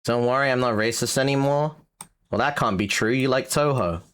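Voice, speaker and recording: A man's voice: mid-range voice, brisk, a bit bright, smooth. A young British man streaming live, chatting casually and teasing his chat with jokes. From Britain. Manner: teasing, joking banter with chat.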